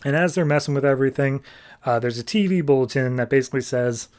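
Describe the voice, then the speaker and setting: A man's voice: medium pitch, a little mellow. Chatty man recapping comics. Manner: chatty, filler-heavy, drops into quick offhand character voices. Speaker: podcast host reviewing comics. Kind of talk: casual comic review and plot recap.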